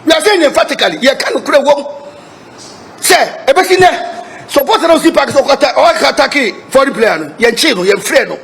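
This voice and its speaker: A man's voice: very high-pitched, animated, fast talker, creaky, hardly any pauses, a bit bright. A man with a Ghanaian accent speaking for football club supporters, emphatic, switching between Twi and English and repeating himself. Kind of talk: press statement to reporters.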